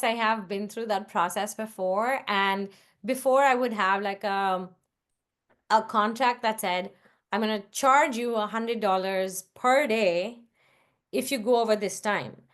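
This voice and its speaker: A woman's voice: mid-range voice, a bit bright. A woman answering questions on a video call in a casual, practical way, with frequent "like" and "um". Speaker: guest investor.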